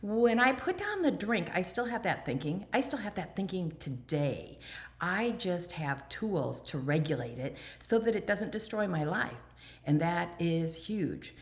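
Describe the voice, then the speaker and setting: A woman candidly talking about her recovery in an animated personal monologue, sometimes dropping to a near whisper. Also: fairly low pitch, a little slow. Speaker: recovery speaker and channel host.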